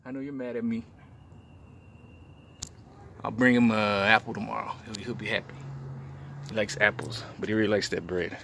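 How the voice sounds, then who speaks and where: A man casually vlogging outdoors in a parking lot, playfully cooing at a pet rabbit in a higher voice. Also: steady tone, normal speed, vocal fry, long pauses, sharp tone, slight background noise. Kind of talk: casual vlog.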